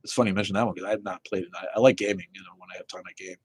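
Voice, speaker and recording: A man's voice: low-pitched, steady tone, racing, husky, no room sound. A man from Connecticut hosting a live stream, ranting and chatting with viewers in a profane, heated way. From Connecticut, USA. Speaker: livestream host. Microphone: phone.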